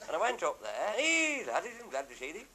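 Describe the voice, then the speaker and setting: Older man, high lively storyteller. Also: fast talker. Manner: earthy, swears freely, acts out dialect voices. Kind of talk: rambling comic anecdote. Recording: loud background hiss.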